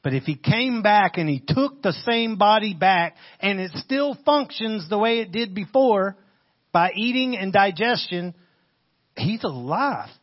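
A man giving a casual, animated sermon, retelling a scripture passage in everyday slang. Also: high voice, a little slow. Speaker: preacher. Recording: muffled lo-fi audio.

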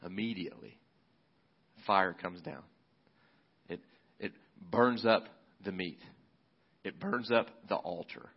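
Male pastor, lowish voice, laid-back sermon retelling, slightly dull recording. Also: lively intonation, takes it slowly, vocal fry, long pauses. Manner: casual, conversational storytelling with fillers.

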